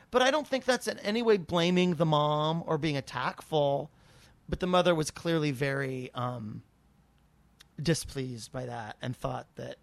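A man in his forties spins a long, rambling story with animated, self-deprecating asides. His voice sits a little high. The sound is dry and close, with no room around it. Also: no room sound. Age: 40s. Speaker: comedian co-host. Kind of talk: casual storytelling chat.

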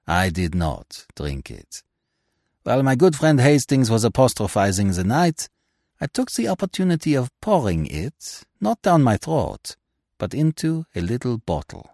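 A man voicing a calm middle-aged male detective in an audiobook reading, gentle, measured and grave. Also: mid-range voice, dry recording, clean studio sound. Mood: placid, explaining.

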